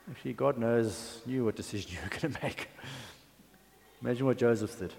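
A man's voice: medium pitch, sing-song, a little fast, vocal fry, darkish tone, a little hiss or hum. A man preaching a sermon in a conversational, chatty way, with asides and fillers. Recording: long hall reverb.

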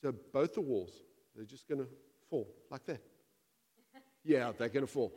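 A man preaching a sermon to his church, animated and humorous, acting out imagined voices and asides. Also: mid-range voice, moderate pace, pauses often, in a large hall. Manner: animated, acts out quoted voices, jokes with the congregation. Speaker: pastor.

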